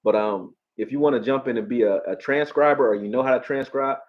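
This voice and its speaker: A man from Philadelphia with a Philly accent, hosting a live football stream, profane and animated, talking back to his chat. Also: mid-range voice, brisk, phone-quality sound. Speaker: sports streamer.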